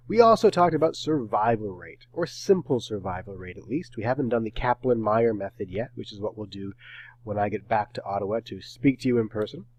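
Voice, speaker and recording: A middle-aged man giving a recorded lecture as a professor, talking in a brisk, wry and slightly terse way. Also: mid-range voice, a little mellow, no room sound, rough recording.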